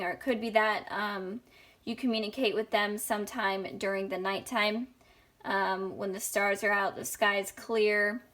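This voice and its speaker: A young woman talks through a tarot spread in a loose, chatty monologue. She rambles and fills her pauses with ums, her voice sitting at an everyday middle pitch. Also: steady tone, fairly bright tone. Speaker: tarot reader. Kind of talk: casual tarot reading monologue.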